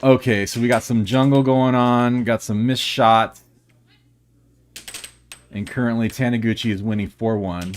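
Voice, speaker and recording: A man's voice: medium pitch, steady tone, a little slow, pauses often. A man doing live play-by-play commentary on an air hockey match in a joking, playful manner.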